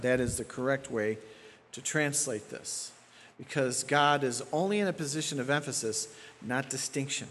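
A man's voice: mid-range voice, moderate pace, fairly bright tone, long reverb tail. A man preaching an expository sermon as pastor, emphatic, repeating key phrases and checking in with his listeners.

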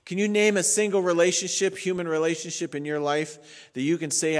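A man in his sixties preaching a sermon as a pastor in an animated, sarcastic, conversational way. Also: fairly high pitch, brisk. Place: church sanctuary. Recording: reverberant church sanctuary.

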